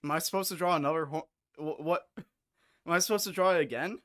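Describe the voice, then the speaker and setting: A man's voice: a little high, fairly quick, dry recording, studio quality. A young man hosting a live stream, chatting casually in a rambling, crude and slangy way. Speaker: streamer host.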